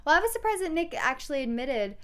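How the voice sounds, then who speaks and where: A woman's voice: sits high, sing-song, fast, a bit bright. A young woman co-hosting a podcast, recapping a TV episode in casual chat and acting out quoted lines in playful voices.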